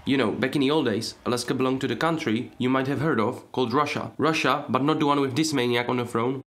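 Deadpan comic narrator, man. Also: medium pitch, quick pace, faint music behind. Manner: deadpan, sarcastic. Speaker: host. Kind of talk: comedic scripted narration.

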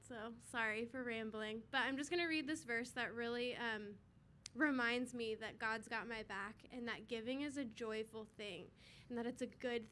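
A woman's voice: a little high, fairly bright tone, slight background noise. A woman giving a casual, rambling testimony and prayer before a church offering, full of fillers.

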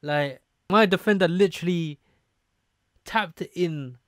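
A young man, commentating his own football video game matches and swinging between low mutters and shocked shouts. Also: a little slow, no echo. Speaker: gaming YouTuber. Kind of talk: live gameplay commentary.

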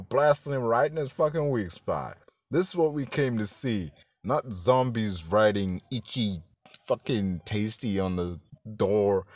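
A man in a loose, profane film review, his voice leaping from loud outbursts down to muttered asides. He slips into quick exaggerated bits as he mocks the characters. The sound is close and dry. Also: dry recording. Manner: animated and profane, swinging between loud outbursts and low mutters. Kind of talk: casual spoken film review.

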